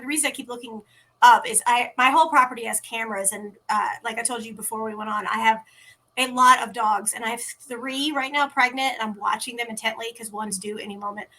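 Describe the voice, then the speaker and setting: A woman guest in a casual interview, telling lively stories from home and acting out the dialogue she quotes. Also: fairly high pitch. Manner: animated, acts out quoted dialogue. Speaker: interview guest, teen podcast organizer.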